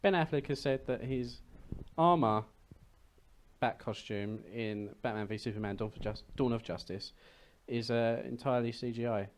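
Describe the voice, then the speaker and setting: A man's voice: medium pitch, normal speed. Chatty young man co-hosting a podcast. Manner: chatty, rambling, wry. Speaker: podcast co-host. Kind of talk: casual chat.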